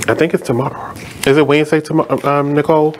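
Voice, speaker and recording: A man's voice: on the high side, level tone, quick pace. A man co-hosting a radio show, joking, teasing and often laughing in casual banter from a radio studio. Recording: noisy studio audio.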